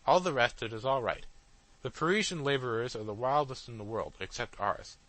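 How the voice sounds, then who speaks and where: A man voicing an anxious male companion who quickly reassures that all is well, in an audiobook. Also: medium pitch, fairly bright tone, no room sound, close to an everyday voice, poor audio. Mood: reassuring.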